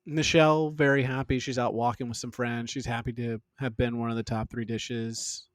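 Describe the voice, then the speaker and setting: A man's voice: medium pitch, little pitch movement, moderate pace, no room sound, clean studio sound. A man co-hosting a podcast, recapping an episode in a playful, chatty way. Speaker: podcast co-host giving show recaps. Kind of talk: casual chat.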